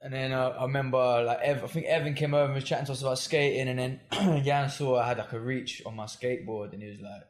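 A man's voice: mid-range voice, steady tone, fast talker, hardly any pauses. Rambling man in a roomy room. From north London. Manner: rambling, hesitant, lots of fillers. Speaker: guest. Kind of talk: casual interview chat. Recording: roomy echo.

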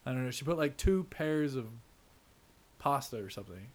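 A man's voice: mid-range voice, expressive, moderate pace. A man in a casual chat with friends, joking and teasing, acting out what people said. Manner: jokey, teasing, acts out quotes.

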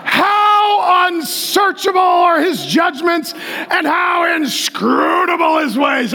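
A middle-aged man preaching to a large congregation, excitable and joking, often yelling as he talks. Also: very high-pitched, slow pace, creaky, some chatter behind. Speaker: pastor. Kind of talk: energetic shouted sermon. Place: large church auditorium with a live congregation.

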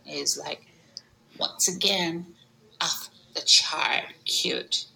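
A woman voicing a spacey, trend-chasing Valley girl with a Valley accent, drawling and breathy, saying "like" constantly. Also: low-pitched, extremely slow, pushed and bright, heavily acted, poor audio. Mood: airy. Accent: Californian Valley.

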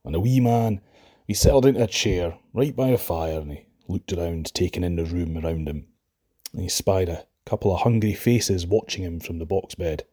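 A Scottish man narrating a folk tale with a low, husky voice. His telling is lively and expressive. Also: moderate pace. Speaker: storyteller.

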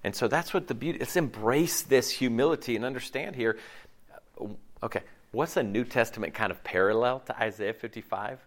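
A middle-aged man preaching a casual, conversational sermon, chatty and animated, with slangy asides and frequent restarts. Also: mid-range voice, a little fast. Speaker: pastor.

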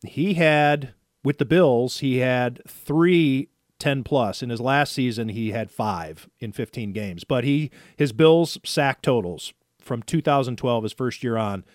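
A man's voice: mid-range voice, takes it slowly, dry recording, clean studio sound. Conversational man reading off stats. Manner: stat-heavy, conversational. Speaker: sports talk show host. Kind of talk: casual sports talk.

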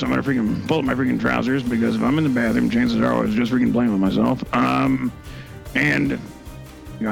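A man's voice: mid-range voice, gravelly. A man improvising a comedy role-play game, bossy and exasperated, stuffing nearly every phrase with a filler curse. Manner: says "freaking" constantly, bossy and exasperated.

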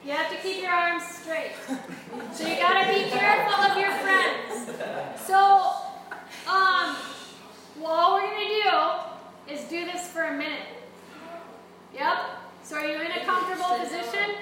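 Her pitch is extremely high, and she talks a little slowly with frequent pauses while coaching a group of young hockey players through yoga poses and breathing exercises, encouraging them and asking questions. The large room echoes, the background is noisy, and the microphone sits far away.

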